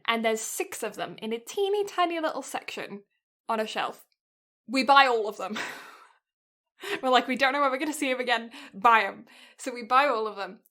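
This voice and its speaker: Chatty British woman with a fairly high voice. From Britain. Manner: chatty, animated, laughs often. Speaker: podcast co-host. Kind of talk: casual podcast storytelling.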